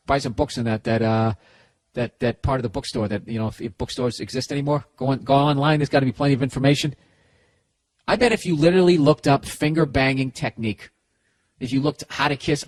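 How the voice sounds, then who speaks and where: A man's voice: mid-range voice, quick pace. A middle-aged man with a Boston accent, hosting a comedy podcast and giving sarcastic, profane, rambling advice full of restarts.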